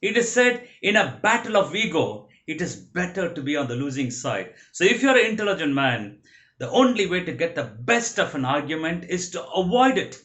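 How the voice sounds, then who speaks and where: A man's voice: fairly high pitch, sing-song, moderate pace, a bit bright. A man with an Indian English accent giving a motivational training lecture, emphatic and repeating his key phrases.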